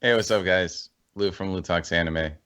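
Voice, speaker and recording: A man in a casual podcast chat, animated and rambling as he thinks aloud. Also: sits low, moderate pace, clear, resonant tone. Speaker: podcast co-host.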